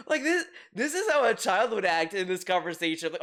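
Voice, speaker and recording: A man with a notably high voice talks through a reaction commentary in a loose, casual way. He swears freely, doubles back on his words and restarts sentences mid-thought. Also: big pitch swings, moderate pace, fairly bright tone. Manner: rambling, profane, repeats words and restarts often. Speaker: commentary video host.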